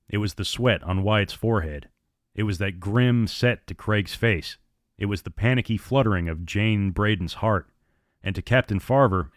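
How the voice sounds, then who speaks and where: A man narrating an audiobook with steady, dramatic storytelling. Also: lowish voice, dry recording, studio quality.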